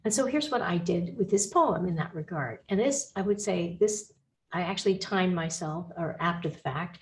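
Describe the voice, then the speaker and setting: A woman instructor talking through slides in a recorded lecture, thinking aloud with small restarts and gently reassuring her students. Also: fairly low pitch, normal speed.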